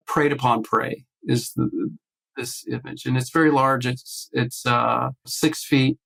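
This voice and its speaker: A man's voice: medium pitch, takes it slowly, gravelly, low-quality recording. A man guest on a video call, telling a personal story in casual conversation and acting out the voices in it. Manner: animated storyteller acting out quotes, many restarts. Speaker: podcast guest, artist.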